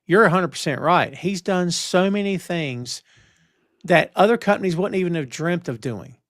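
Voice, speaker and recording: A man with a fairly high voice, co-hosting a casual podcast chat. He talks in an opinionated, emphatic, old-school way, and the recording is dry and close. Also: moderate pace, a bit bright, no echo. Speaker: podcast co-host.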